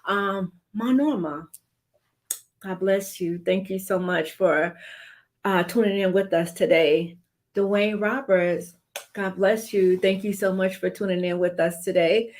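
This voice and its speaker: A woman's voice: mid-range voice, steady tone, measured pace. Woman hosting a live stream talk show. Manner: warm, churchy greetings and shout-outs. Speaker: online show host. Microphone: video call.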